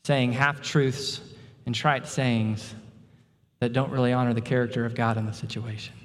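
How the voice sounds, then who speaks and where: A man preaching a sermon as pastor, earnest, rising in intensity and then dropping to a hushed, tender tone. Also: medium pitch, in a large hall.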